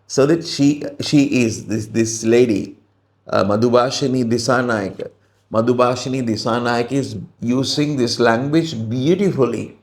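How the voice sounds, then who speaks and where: A man with a Sri Lankan English accent, teaching English by reading a story aloud and explaining it slowly, with many fillers and restarts. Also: mid-range voice, darkish tone.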